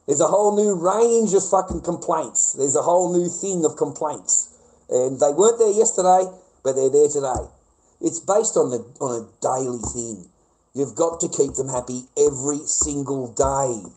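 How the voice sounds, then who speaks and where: Mellow-voiced Australian man ranting profanely. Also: on the high side, poor audio. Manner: profane, rambling, repeats himself. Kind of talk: casual rant to a live audience.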